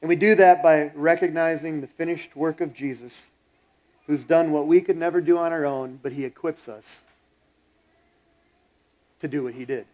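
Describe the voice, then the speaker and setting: Blunt, fairly high-voiced male pastor preaching. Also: fairly even intonation, normal speed, long pauses, a little mellow, dull audio. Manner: blunt, exhorting, conversational storytelling. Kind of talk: sermon.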